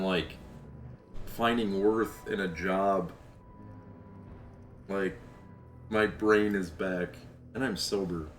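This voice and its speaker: Deep-voiced rambling male streamer. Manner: rambling, candid, heavy on fillers. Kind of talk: casual live-stream chat. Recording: roomy echo, faint game music. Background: faint game music.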